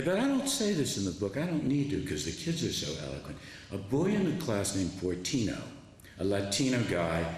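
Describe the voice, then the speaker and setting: Older man, low voice, lively intonation, impassioned storytelling lecture, echoey hall. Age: 70s. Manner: impassioned, tells stories with quoted dialogue. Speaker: author and former teacher giving a talk. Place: large lecture hall with an audience. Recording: echoey hall, faint background noise.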